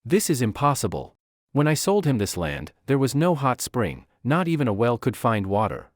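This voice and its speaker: A man's voice: medium pitch, big pitch swings, moderate pace, no room sound, clean studio sound, natural voice. Man voicing an arrogant young noble. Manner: haughty, shouting.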